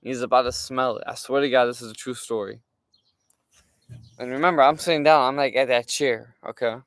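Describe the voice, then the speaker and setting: A young man telling a story from his day in a casual, animated way, swearing and using lots of fillers. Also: medium pitch, fairly quick, no room sound. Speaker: streamer.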